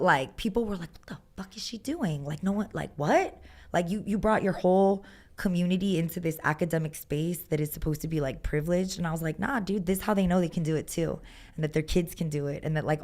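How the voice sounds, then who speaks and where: A woman, a musician and guest, chatting casually and animatedly, filling her talk with "like" and acting out what people said. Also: on the low side. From Texas. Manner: animated storyteller, lots of "like", acts out quotes. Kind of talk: casual chat.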